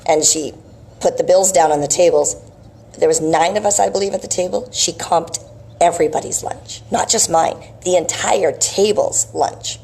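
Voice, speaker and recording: Low husky woman telling a chatty story. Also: normal speed, darkish tone. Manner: chatty, digressive, lots of "right?" asides. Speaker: health and wellness vlogger. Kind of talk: casual storytelling monologue.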